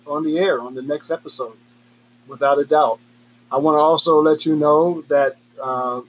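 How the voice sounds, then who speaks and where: A man's voice: fairly high pitch, dull audio, slight background noise. A man hosting his own podcast, rambling casually through announcements and a sign-off with frequent fillers. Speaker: podcast host.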